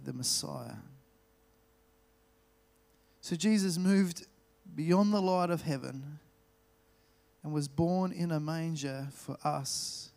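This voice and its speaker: Aussie pastor guy, bit high voice, chatty story sermon, leans on big words. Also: a little mellow. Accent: Australian. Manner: storytelling, slows down to stress key words.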